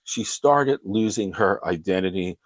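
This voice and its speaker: Man, show host, low voice, dry close sound, earnest storytelling, recounting a client's story. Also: lively intonation, a little slow, dry recording. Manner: earnest storytelling, frequently breaking into quoted dialogue.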